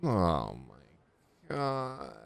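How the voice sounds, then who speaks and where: Brief: young male streamer, deep, expressive, dry close mic, sarcastic running commentary. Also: drawn-out words, vocal fry, noisy background. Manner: sarcastic, heckling the screen. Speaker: game streamer. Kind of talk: reacting to gameplay.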